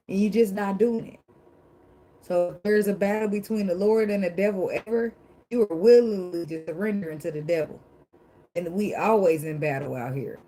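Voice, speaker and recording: Here a tarot reader speaks in a lowish, mellow voice, and the audio quality is poor. Her casual reading is blunt and emphatic, full of swearing and laughter, with sermon-like remarks about faith, and she describes herself as dramatic.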